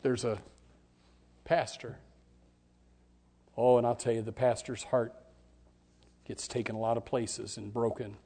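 A male pastor preaching a sermon with dramatic swings from hushed tones to loud outbursts. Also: medium pitch, flat delivery, measured pace, long pauses, a little hiss or hum. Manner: dramatic, swings from hushed to shouting, acts out voices.

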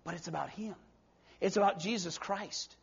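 A male preacher delivering a sermon in a storytelling way, swinging between soft passages and emphatic ones, on a dull lo-fi recording. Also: high-pitched, moderate pace, gravelly, husky.

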